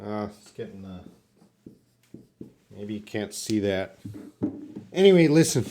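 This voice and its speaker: A man teaching English pronunciation on a live stream, repeating each word slowly and answering viewers' questions from the chat. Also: on the low side, lively intonation, mellow. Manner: slow, repeats words for learners, answers chat.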